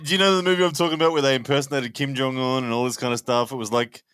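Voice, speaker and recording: A man's voice: mid-range voice, steady tone, racing, fairly bright tone, clean tone, dry recording, studio quality. A man co-hosting a podcast, chatting in a laid-back way and laughing along. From Australia. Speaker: podcast co-host. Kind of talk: casual podcast chat.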